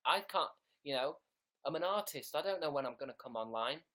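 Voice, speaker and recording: A man's voice: on the high side, animated, a little fast, fairly bright tone. A young British man chatting sarcastically on a livestream from his bedroom, playing a mock diva. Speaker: livestream host. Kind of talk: casual livestream chat.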